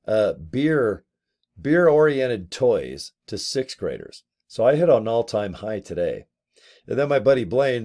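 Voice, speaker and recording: A middle-aged man talking to camera in a casual, rambling monologue, joking and swearing as he tells stories. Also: mid-range voice. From Iowa and Santa Barbara. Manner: joking, animated storytelling with crude humor. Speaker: network marketing promoter.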